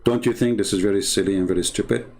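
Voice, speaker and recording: A man's voice: lowish voice, fairly even intonation, quick pace, a little mellow. A man debating on a live stream in a sarcastic, scolding, emphatic way, stopping now and then to read viewer comments. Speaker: online religious debater.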